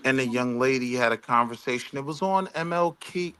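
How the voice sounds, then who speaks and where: A man on a livestream panel, explaining his point in a measured way. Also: mid-range voice, crowd noise. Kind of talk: casual panel discussion.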